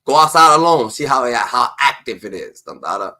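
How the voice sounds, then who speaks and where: A man's voice: medium pitch, animated, moderate pace, pushed and bright. A man delivering a heated, profane rant as commentary, repeating a filler tag between phrases.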